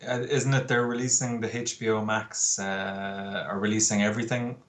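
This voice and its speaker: A man's voice: on the low side, little pitch movement, normal speed, fairly bright tone. A man, a guest in casual chat, opinionated and talkative with plenty of ums and uhs. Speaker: podcast guest. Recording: faint background noise.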